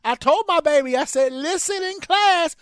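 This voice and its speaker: A man's voice: very high voice, moderate pace, fairly bright tone, no echo, studio quality, voice pushed up. A man voicing a worried, stern grandmother of a student who stammers and frets. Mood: fretful.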